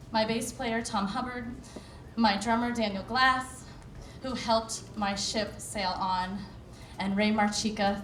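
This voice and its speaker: A cabaret singer with a mid-range voice gives an emotional acceptance speech on stage at an award show, thanking a long list of people. The hall is echoey, and background noise can be heard.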